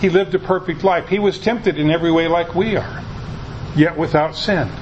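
Guy preaching a laid-back sermon, kinda high voice, bit of room hiss behind him. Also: normal speed, lo-fi sound. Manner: conversational preaching with frequent restarts. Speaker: pastor.

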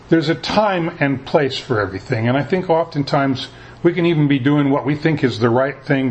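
A man preaching a sermon as pastor, talking in a conversational way and often repeating words as he restarts. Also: medium pitch.

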